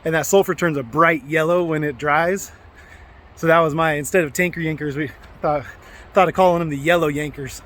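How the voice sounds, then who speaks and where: A man's voice: on the high side, steady tone, fairly quick, fairly bright tone. Joking, rambling man vlogging outdoors. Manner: joking, rambling with many fillers. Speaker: trucking vlogger. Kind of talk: casual vlog chat to camera. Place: outdoors in a small mountain town.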